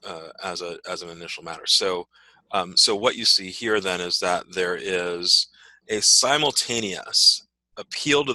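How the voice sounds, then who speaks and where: Man, law professor, very low pitch, sharp bright tone, dry sound, keeps asking "right?". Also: no room sound, rough recording. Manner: frequent "right?" checks and fillers. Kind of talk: teaching a class discussion.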